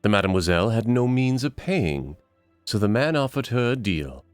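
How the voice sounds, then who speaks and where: Smooth con-artist aristocrat with a hammy fake accent, low and lively, dry sound, a man putting him on. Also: normal speed, dry recording, faint music behind, natural voice. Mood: conspiratorial. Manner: theatrical fake foreign accent, courtly. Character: smooth-talking male con man posing as nobleman.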